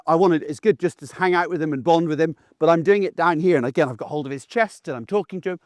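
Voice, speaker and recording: A man, a dog trainer giving a casual, animated lesson outdoors while acting out voices. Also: fairly high pitch, clean tone, no room sound, studio quality. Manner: chatty and animated, acts out the dog's and owner's voices. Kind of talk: casual instructional talk.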